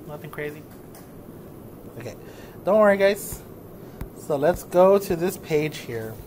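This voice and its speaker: A man with a slightly high voice talks through math notes in a loose, casual teaching manner. He keeps checking whether the class is following. A faint hiss sits under his voice. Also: animated, a little slow, darkish tone. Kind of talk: recorded lesson walking through notes.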